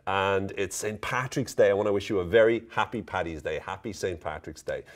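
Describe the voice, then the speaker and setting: An Irish presenter with a deep, low-set voice explains everyday Irish slang casually to camera at a fairly quick pace. He's playful and teasing, joking around and laughing at himself.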